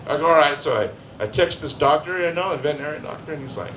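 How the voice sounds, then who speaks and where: At a live comedy venue, a man rattles through a stand-up set in rapid-fire fashion with hardly any pauses, his voice mid-range. He tells crude, rambling stories and voices the characters in them; the room is echoey, with faint ambience and slight background noise.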